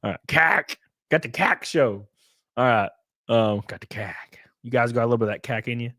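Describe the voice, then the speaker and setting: A man's voice: mid-range voice, normal speed, sharp tone, dry recording, studio quality. A man live-streaming, chatting casually with his viewers, swearing, laughing and thanking them as he goes.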